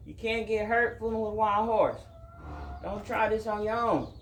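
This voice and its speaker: A man, a horse trainer talking casually through his work in a soft, hushing, calming voice, outdoors. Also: sits high, normal speed, reverberant, a little hiss or hum. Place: outdoors at a horse pen with farm birds.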